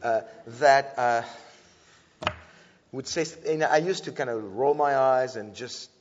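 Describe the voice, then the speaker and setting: A man giving an earnest, animated talk to an audience, often restarting his sentences and filling pauses. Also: medium pitch. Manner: earnest, with frequent restarts and filler sounds. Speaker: speaker teaching about antisemitism. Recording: dull lo-fi sound with long hall reverb.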